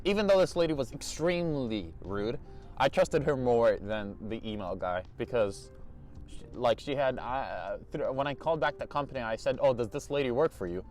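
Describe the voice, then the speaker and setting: A teenage boy YouTuber tells his channel a story in a casual storytime vlog, speaking in a medium-pitched male voice at a moderate pace with faint music behind him. He's animated and chatty, dropping exasperated asides along the way.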